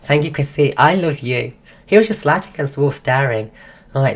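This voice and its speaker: A woman's voice: very deep voice, animated, brisk. A woman streaming, telling a rambling story in casual chat while losing her voice. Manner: rambling, full of restarts.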